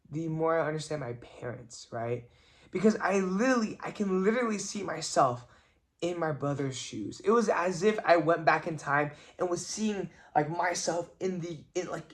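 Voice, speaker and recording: A man's voice: on the high side, a bit bright. Chatty young man telling a family story. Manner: chatty, many "like" fillers, earnest and reflective. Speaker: vlogger. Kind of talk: casual storytelling vlog.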